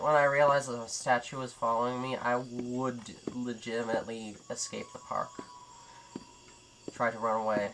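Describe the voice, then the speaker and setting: A man's voice: level tone, normal speed, fairly bright tone, a little hiss or hum. Rambly young man with nasal voice. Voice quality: high nasal nerdy voice, compared to a cartoon sponge. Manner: rambly, jokey, self-deprecating. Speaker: gaming commentator. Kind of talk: casual let's-play commentary.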